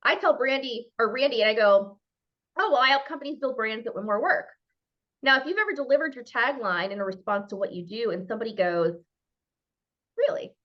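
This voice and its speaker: A woman from Minnesota with a Minnesota accent, giving an animated talk as a guest speaker on a video call and acting out little dialogues playfully. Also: a little high, brisk. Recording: muffled video call audio.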